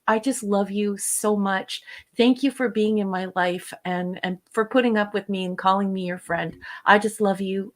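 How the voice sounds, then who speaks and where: A woman co-hosting a casual livestream chat, earnest and heartfelt, with a hesitant delivery full of fillers. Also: mid-range voice. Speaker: co-host.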